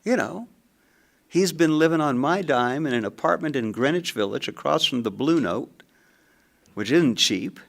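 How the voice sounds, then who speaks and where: An older man telling a personal story, animated and acting out his own rising anger. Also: mid-range voice, moderate pace, gravelly. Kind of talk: storytelling talk.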